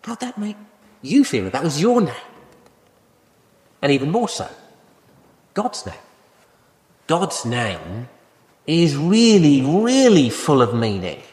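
Male preacher, lively, pitched a bit high, conversational sermon full of rhetorical questions, church hall with a long echo. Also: slow pace, pauses often. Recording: echoey hall with long reverb.

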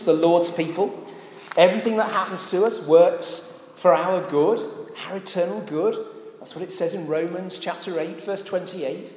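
Earnest preacher in an echoey church. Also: male voice, on the high side, a little hiss or hum. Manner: earnest, asks the congregation rhetorical questions. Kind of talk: sermon.

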